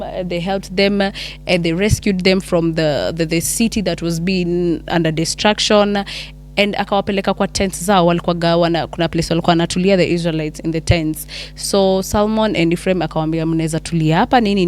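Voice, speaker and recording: Animated Kenyan woman retelling a story. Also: lowish voice, slight background noise. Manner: animated, mixes English and Swahili, many restarts. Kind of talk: casual Bible story retelling.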